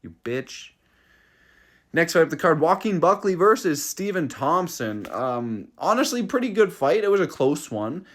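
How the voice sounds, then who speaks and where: A young man hosting a casual fight recap, talking in a profane, excitable rant with many restarts. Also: a little high, normal speed, hardly any pauses. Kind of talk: casual solo recap vlog.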